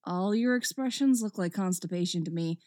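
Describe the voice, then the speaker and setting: A woman voicing a gruff male tough guy who fires off quick, teasing jabs in a read-aloud story. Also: lowish voice, warm tone, no echo, clean studio sound, pitched below the performer's own voice, close to an everyday voice. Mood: mocking.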